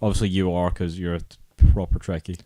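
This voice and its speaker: A man's voice: low voice, level tone, fast, warm tone, slight background noise. A man co-hosting a casual podcast chat, teasing his co-host and telling stories dramatically.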